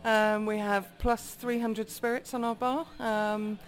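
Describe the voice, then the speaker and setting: A woman's voice: on the high side, little pitch movement, measured pace. A woman who manages a pub, answering interview questions hesitantly with many fillers.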